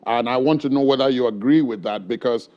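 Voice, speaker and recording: Deliberate man interviewing. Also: mid-range voice, lo-fi sound. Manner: deliberate, hesitant with many fillers. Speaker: TV news interviewer. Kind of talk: interview questions.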